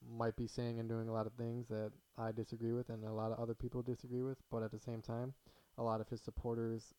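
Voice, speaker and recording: A man co-hosting a casual political podcast, with a mellow, dark-toned voice. He speaks in a measured, articulate way with a dry, wry edge. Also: medium pitch, monotone, clean tone, low-quality recording. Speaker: podcast co-host.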